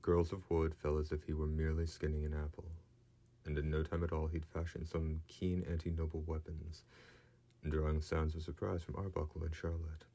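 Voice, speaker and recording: Very deep, flat male narrator. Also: normal speed. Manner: steady, even storytelling. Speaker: audiobook narrator. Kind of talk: scripted narration.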